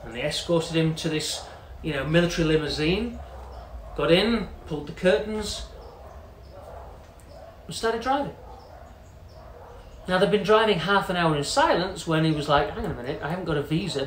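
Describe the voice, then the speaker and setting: A man's voice: on the high side, expressive, normal speed, long pauses. A man telling a long story in a chatty, casual way, full of "you know" fillers and quoted voices. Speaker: company CEO telling a story. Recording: echoey room with faint noise.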